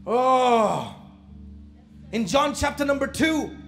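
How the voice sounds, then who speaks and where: Man, pastor, very high voice, live church sermon, shouts and quiet asides, faint music behind. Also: moderate pace. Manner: animated preaching, shouting and dropping to asides; casual slang, laughs at own jokes.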